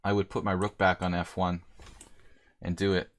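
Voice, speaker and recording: This middle-aged American man streams chess live, musing over his moves and trading casual jokes with his chat as he plays. His voice is low-pitched and level, at a normal speed.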